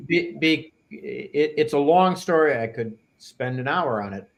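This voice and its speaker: A man's voice: fairly high pitch, expressive, a little slow, creaky. A man on a panel discussion, talking bluntly and indignantly about officials he feels escaped accountability. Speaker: attorney and panelist.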